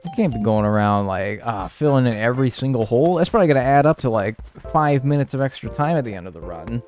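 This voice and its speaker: Talking fast with hardly any pauses, a man with a medium-pitched, darkish voice streams a speedrun to soft background music. He's animated, rambling and cracking jokes with viewers while swearing freely.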